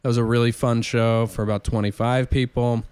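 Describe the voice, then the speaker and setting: A man's voice: medium pitch, fairly quick, clear, resonant tone, no room sound. Man telling rambling road stories. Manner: rambling, self-interrupting, animated anecdotes. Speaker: touring stand-up comedian, podcast guest. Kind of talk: casual storytelling chat.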